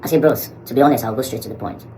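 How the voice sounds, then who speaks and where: A man with a Nigerian accent telling a story in a vlog. He acts out the quoted dialogue in an animated way and mixes Pidgin into his English. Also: mid-range voice, very fast, a little hiss or hum, rough recording. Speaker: social media commentator.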